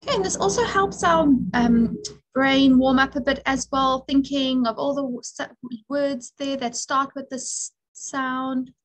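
A woman teacher giving an early literacy lesson to young children, speaking clearly and encouragingly with call-and-response prompts. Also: high voice, measured pace, low-quality recording.

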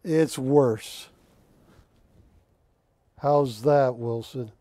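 A man's voice: medium pitch, drawn-out words, dark tone, no room sound. A man hosting a live shopping channel, joking with the crew and counting prices down. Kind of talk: live TV sales pitch and banter.

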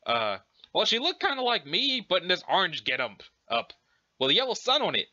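A brash, teasing teenage girl played by a man reading a webcomic aloud who talks in loose slang and keeps prodding for answers. Her voice sits high and swings widely in pitch with a bright, forceful edge, through a dull, lo-fi recording. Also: huge pitch swings, brisk, no echo, heavily acted. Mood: casual, curious.

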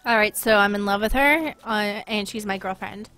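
A woman with a Boston accent giving live gameplay commentary, excitable, gasping and laughing often. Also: mid-range voice, normal speed, soft background music. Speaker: streamer.

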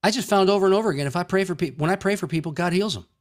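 A man's voice: high-pitched, rapid-fire. A male pastor preaching a sermon in a folksy, joking way, acting out everyday conversations.

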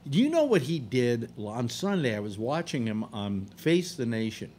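A blunt man hosts a loose panel chat with a wide, lively swing in his voice. He jokes around and stumbles through restarts. A faint hiss runs under the recording. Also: mid-range voice, normal speed. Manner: joking, blunt, trails off in restarts. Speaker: host.

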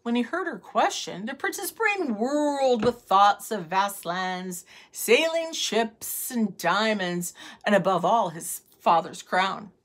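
Woman reading a storybook aloud, slow and expressive. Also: mid-range voice.

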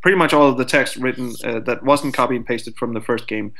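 A man's voice: mid-range voice, fairly quick, fairly bright tone. Stammering man guest on a podcast. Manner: stammering restarts, storytelling. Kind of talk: casual podcast discussion.

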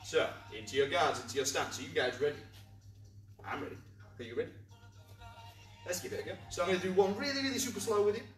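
A man's voice: fairly high pitch, fast talker, long pauses. A man teaching a kids' martial arts class to camera, upbeat and encouraging, explaining each step while demonstrating the moves. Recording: echoey room, from far off, faint music.

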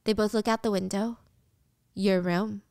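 A young woman casually recapping a film as the host, acting out the characters' lines with lively delivery. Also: medium pitch, unhurried, gravelly, clean tone, no room sound, clean studio sound. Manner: animated storytelling, acts out characters' lines.

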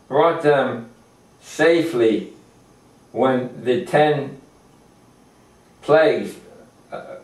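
Slow, halting older man teaching Torah. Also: mid-range voice. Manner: halting, many fillers and restarts. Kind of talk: informal religious lecture. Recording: echoey room, distant mic.

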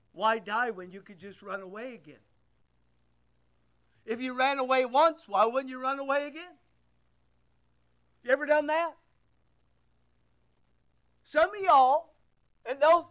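A man's voice: very high voice, a bit bright. A man preaching a sermon as pastor, emphatic and rhetorical, repeating his phrases.

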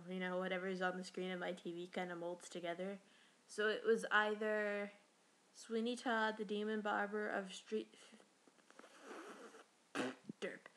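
A woman's voice: on the low side, fairly bright tone. A teenage girl from New York talking casually in a rambling, chatty way, swearing now and then. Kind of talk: casual voice meme monologue.

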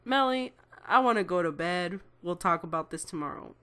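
Tired mom brushing her kid off, flat and a bit low, as a young woman quotes her. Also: moderate pace. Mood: weary. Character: tired, curt middle-aged mother.

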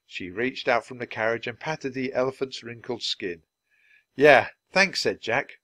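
A man reading a children's book aloud, at a steady, clearly paced speed for language learners. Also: mid-range voice, normal speed, dry recording. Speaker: storybook reader.

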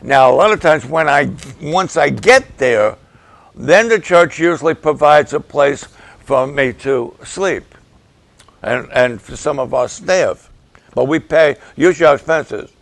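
Slow gravelly-voiced male pastor. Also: fairly high pitch, lively intonation, no echo. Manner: slow, deliberate, emphatic with repetitions. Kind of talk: preaching to camera.

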